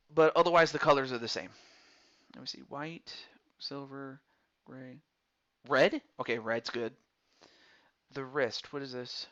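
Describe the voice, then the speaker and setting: On a muffled recording, a streamer with a mid-range, slightly bright voice takes things slowly, leaving long pauses. He offers chatty, casual commentary while moving through a baseball game's character creation menus, reading choices aloud to a viewer as he makes them.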